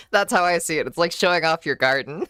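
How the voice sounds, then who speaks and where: A woman livestreaming, chatting casually with her viewers and answering their messages in a relaxed, shy, giggly way with plenty of swearing. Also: on the low side, moderate pace, dry recording, clean studio sound, soft background music. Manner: reads and answers chat messages. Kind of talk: casual chat with stream viewers.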